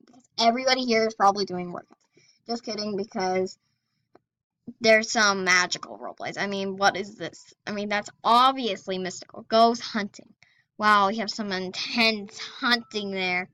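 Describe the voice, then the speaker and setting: Bright, giggly young woman gamer. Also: fairly high pitch, no room sound. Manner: chatty, giggly, excitable. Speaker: gaming video host. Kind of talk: casual gameplay commentary.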